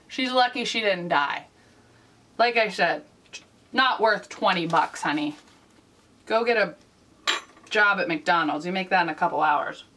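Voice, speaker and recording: A woman hosting her own casual vlog in a wry, deadpan way, tossing off dry asides. Her voice sits at an ordinary middle pitch. It is heard from a little distance off the microphone. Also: slight background noise. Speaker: vlog host.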